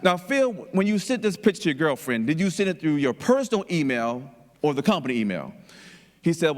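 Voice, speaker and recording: A man's voice: a little high, sing-song, a little fast. A man telling stories as a conference speaker, conversational and repetitive, in a conference hall. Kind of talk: storytelling keynote. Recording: long reverb of a conference hall.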